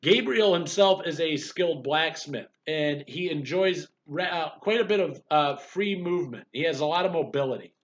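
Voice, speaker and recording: A man's voice: on the high side, animated, moderate pace, hardly any pauses, dull audio. A man giving a recorded history lecture in a conversational way, with fillers and restarts, sometimes acting out quoted voices. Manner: acts out quoted voices to make points. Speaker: history instructor.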